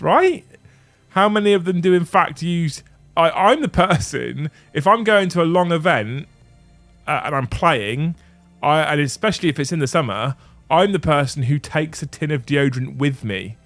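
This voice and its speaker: A man's voice: a little high, fairly bright tone, dry recording. A man hosting a casual livestream, rambling and chatting as he reads out lists and viewer messages. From England. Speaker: livestream host.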